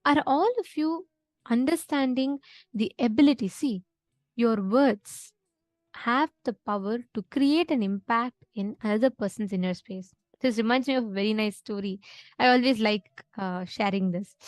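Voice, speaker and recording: An earnest woman teaching to a live online audience, with a fairly high voice. She explains step by step and keeps asking whether everyone follows. The sound is dry and close, with no room around it. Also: moderate pace, darkish tone, no room sound. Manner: earnest, explanatory, checks in with listeners often. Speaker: spiritual session instructor.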